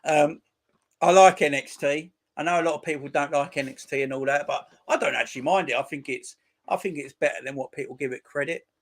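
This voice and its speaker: A football channel host in his forties, with a fairly high-pitched voice, briskly chats with viewers on a casual live stream. His banter is loose and crude, and he openly ridicules the teams he talks about.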